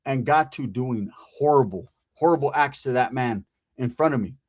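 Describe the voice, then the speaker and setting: A man's voice: mid-range voice, normal speed, darkish tone. A man telling a profane comic story about his past, acting out the people in it.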